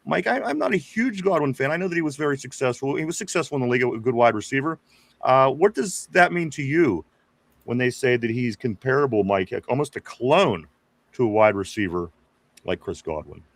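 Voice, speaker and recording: A man's voice: mid-range voice, expressive, fairly quick, no echo. A man co-hosting a live sports podcast, casually reading viewer comments aloud and chuckling. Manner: laid-back, chuckling, reads comments aloud. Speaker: podcast co-host reading chat. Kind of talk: casual live-stream chat.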